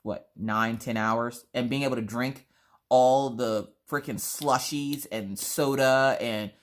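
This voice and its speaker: A woman vlogger telling animated, theatrical stories in casual chat while she crafts. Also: rumbling low, takes it slowly.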